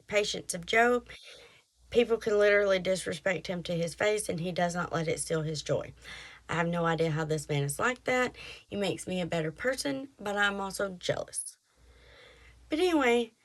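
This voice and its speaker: A middle-aged woman, hosting a podcast and chatting through an animated story. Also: medium pitch. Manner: chatty, animated retelling with quoted voices. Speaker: podcast host. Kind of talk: casual storytelling.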